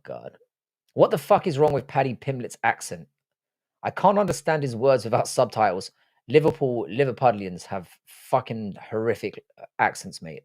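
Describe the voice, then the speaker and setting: A man's voice: mid-range voice, darkish tone. Irish guy live streaming, reads chat, swears a lot, laughs at himself. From Ireland. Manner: blunt, swears freely, self-deprecating. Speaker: livestream host. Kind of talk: casual live-stream chat reading viewer comments.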